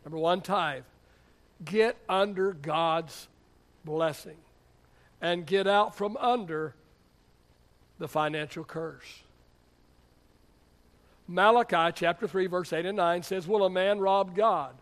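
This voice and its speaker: A man's voice: sits high, takes it slowly, pauses often. A middle-aged man preaching a sermon as pastor, emphatic, with rhetorical questions and playful asides.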